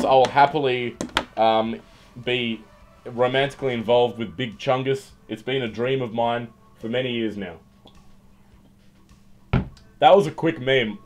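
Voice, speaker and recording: A man's voice: medium pitch, a little hiss or hum. A young man hosting a casual livestream and reading out chat, jokey and irreverent, swearing freely and often repeating words as he talks. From Australia.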